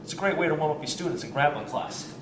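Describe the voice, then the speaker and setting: Man, energetic fitness coach, counts reps while working out, recorded from a distance in a noisy room. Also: a little high, quick pace. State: out of breath at times. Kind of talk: demonstrating warm-up drills. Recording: roomy, distant mic with ambient noise.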